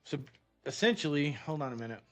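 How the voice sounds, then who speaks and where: This gaming streamer has a fairly high, fairly bright voice with lively intonation and a fairly quick pace. Faint music sits behind his rambling, profane commentary as he talks himself through his next build.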